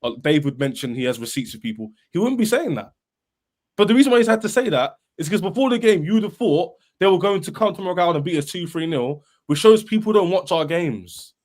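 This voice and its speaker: Fast-talking man, heated. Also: high voice. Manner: animated, emphatic, repeats himself. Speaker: Chelsea fan panelist. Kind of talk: heated football podcast debate.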